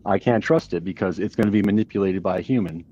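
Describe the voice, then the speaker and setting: A low-voiced man speaking casually and skeptically, stretching out his thoughts. His audio comes through dull and lo-fi. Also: fast, dark tone. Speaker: panelist. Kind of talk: livestream panel debate.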